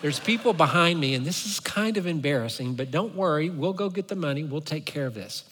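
A man voicing a sweet, sheepish young Southern woman, speaking in a soft, hushed drawl. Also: fairly high pitch, animated, unhurried, long reverb tail, voice pushed down. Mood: hushed pleading.

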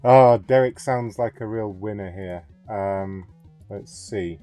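A man with a mellow, dark tone hosts a prank-call show in easy, casual chat. He sounds wry and sarcastic, with faint music underneath. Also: fairly low pitch, slow pace. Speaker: host.

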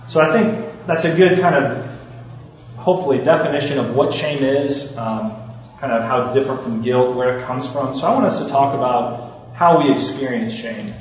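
A man in his thirties speaks to a room of students as their campus minister, in an earnest, conversational way that often breaks off and restarts. His voice sits at an ordinary middle pitch. He is heard from a distance across a large hall, with a long echo. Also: moderate pace. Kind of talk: conference talk to students. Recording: echoey hall from far off.

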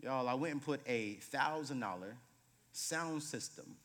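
A man in his late thirties, a guest preacher telling humorous stories in a sermon, moving between loud bursts and hushed moments. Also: mid-range voice, expressive, a little slow. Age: 30s. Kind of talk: sermon with storytelling. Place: church sanctuary. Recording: reverberant church hall.

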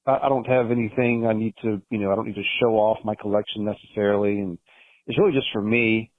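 A man in his thirties leaving a voicemail for a podcast, halting and full of fillers. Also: lowish voice, steady tone, no room sound. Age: 30s. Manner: hesitant, many fillers. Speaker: caller. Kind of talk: voicemail message. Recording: tinny phone voicemail.

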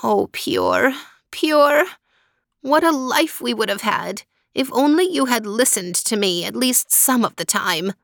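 A woman voicing a very old, toothless woman who lives in the woods, with a raspy, higher voice. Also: big pitch swings, takes it slowly, no echo, clean studio sound, full character voice. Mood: exasperated.

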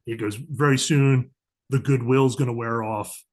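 A middle-aged man with a mid-range voice speaks unhurriedly as a podcast guest who is a diplomatic security agent. In a casual storytelling interview, he animatedly tells stories and acts out the dialogue of the people in them.

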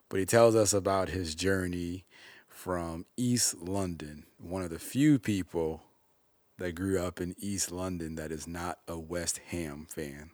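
Chicago male podcast host, deep voice, dry close mic, casual and joking. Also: no room sound. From Chicago, USA. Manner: chatty, joking, quick asides. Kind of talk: casual interview chat.

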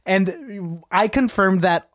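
A man co-hosting a casual podcast chat, relaxed, swearing and laughing often while retelling scenes. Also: sits high, takes it slowly, no room sound, studio quality. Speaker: podcast co-host.

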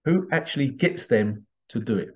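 A man talks in a loose, rambling monologue and chuckles as he goes. His voice sits in an ordinary middle pitch. The recording sounds a little dull and lo-fi. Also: lively intonation, normal speed, darkish tone. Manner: rambling, chuckling, acts out bits in funny voices. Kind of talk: casual monologue. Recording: slightly dull lo-fi audio.

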